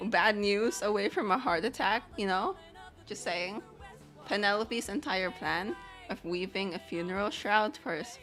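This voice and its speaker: A woman's voice: medium pitch, fairly bright tone. Young woman rambling at her computer, giggly, swears a lot, says like constantly, faint music under it. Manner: rambling and giggly, swears freely, lots of "like" and "you know". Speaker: animator. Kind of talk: casual chat while sharing her screen.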